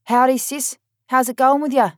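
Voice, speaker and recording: A woman reading the part of a blunt older sister on the phone, loud and chiding. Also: lowish voice, normal speed, no room sound, clean studio sound, natural voice. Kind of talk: audiobook character voice.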